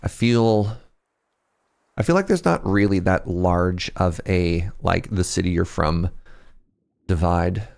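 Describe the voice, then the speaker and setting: Gravelly Canadian Pacific Northwest guy. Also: sits low, slow pace, pauses often, darkish tone. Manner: rambling, chatty, laughs often. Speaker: streamer playing a fishing game. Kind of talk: casual livestream chat with viewers.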